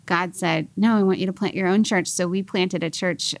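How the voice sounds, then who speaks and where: A woman in her forties, a podcast guest, telling her life story in an animated, laughing way and acting out the voices she quotes. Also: fairly low pitch, moderate pace, no echo. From California. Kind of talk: casual storytelling interview.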